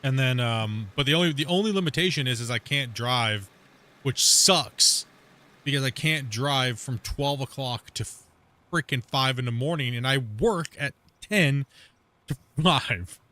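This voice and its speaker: A man's voice: mid-range voice, a little slow, bright, forceful tone. A man from Canada streaming a game and chatting casually, rambling with many fillers and restarts. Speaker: streamer host. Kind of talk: casual chat while gaming.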